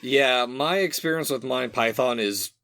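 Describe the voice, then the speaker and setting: A young man co-hosting a podcast in casual chat, relaxed and quick to laugh. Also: medium pitch, creaky, dry recording. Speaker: podcast co-host.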